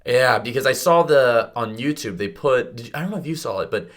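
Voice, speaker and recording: Dude hosting a chill podcast, rambly questions, lots of mm-hmms. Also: male voice, medium pitch, expressive, fairly quick, a bit bright. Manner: casual questions with lots of backchannel, restarts mid-sentence. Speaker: podcast host. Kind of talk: casual interview chat.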